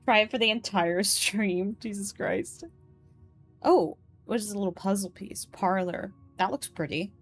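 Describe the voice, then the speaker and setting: A woman's voice: mid-range voice, measured pace, soft background music. A young woman with a Polish accent, streaming a puzzle game and chatting as she plays, reading the game's text and viewers' messages aloud. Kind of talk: live game stream commentary.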